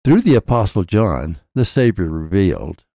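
A man with a low, mellow voice narrates a scripted scripture lesson. His pitch rises and falls widely as he sets out each point in measured, declarative sentences. The sound is close and dry. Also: very animated, no echo. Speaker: podcast narrator. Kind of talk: scripted religious teaching.

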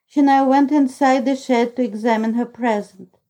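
A woman narrating a classic children's novel as an audiobook reader, calm and even. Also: high voice, moderate pace. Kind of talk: scripted storybook narration.

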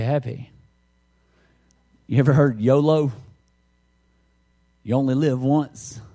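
A man's voice: mid-range voice, mellow. A middle-aged man, preaching a conversational sermon through folksy stories and jokes. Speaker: pastor.

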